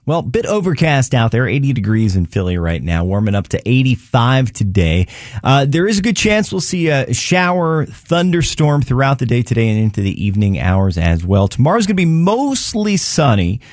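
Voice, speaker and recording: A male radio DJ talks casually between songs, his pitch rising and falling freely. He stumbles and restarts often in a relaxed, unscripted way. The studio sound is close and dry. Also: normal speed, no room sound. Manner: loose and chatty, many fillers and restarts.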